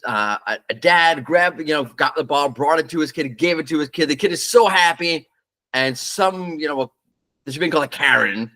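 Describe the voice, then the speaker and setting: A marketing show host gives blunt, opinionated takes on brand ads in casual solo commentary. His voice is fairly high and sharp, at a moderate pace, and he speaks off the cuff with fillers.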